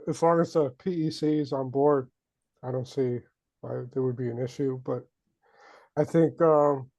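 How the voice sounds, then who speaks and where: A man's voice: a little high, warm tone. A man answering a committee question in a meeting, hesitant and tentative. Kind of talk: meeting discussion. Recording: dull lo-fi sound.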